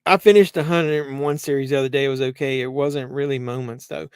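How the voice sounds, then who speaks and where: A man's voice: medium pitch, steady tone, fast, clear, resonant tone, no echo, studio quality. A man hosting a live movie watch-along, rambling conversationally with many fillers and restarts. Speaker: host.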